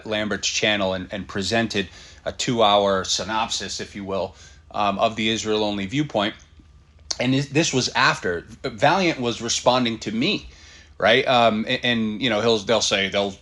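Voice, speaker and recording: A man with a fairly low voice talks through a reaction video from his desk. He is blunt and fired up, swears now and then, and fills his pauses with ums and uhs. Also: fairly bright tone. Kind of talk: casual reaction commentary. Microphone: computer setup at a desk.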